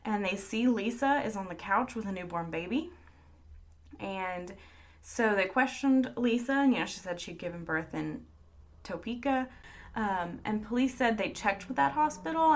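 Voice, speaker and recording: Woman podcast host yakking casually, laughs a lot, mid-pitched voice. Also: lively intonation, normal speed. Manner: chatty, storytelling, laughs often. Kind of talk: casual chat.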